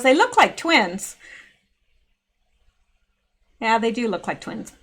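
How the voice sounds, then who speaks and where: A middle-aged woman chats her way through a video commentary. Her voice sits a bit high, and she drifts into rambling asides as she goes. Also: animated, slow, pauses often, fairly bright tone, slight background noise. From Canada. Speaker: channel host.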